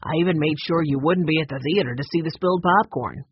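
A man's voice: fairly high pitch, fast talker, breathy edge, no echo, dull audio. A man voicing a sheepish, guilty theater worker in an audiobook.

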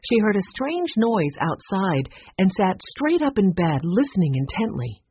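A woman narrating a children's storybook aloud in an expressive, lively reading. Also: mid-range voice, measured pace, muffled recording, slight background noise.

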